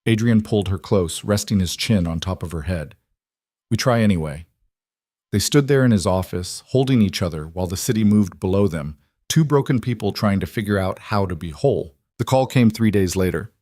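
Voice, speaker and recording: A man doing scripted narration of a dramatic story in an even, measured manner. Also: sits low, no echo, studio quality.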